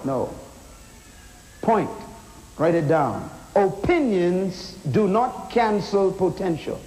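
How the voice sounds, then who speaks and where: A man's voice: high-pitched, big pitch swings, slow, darkish tone, slight background noise, rough recording. A man preaching a sermon in an auditorium, emphatic, asking rhetorical questions and calling the crowd to respond.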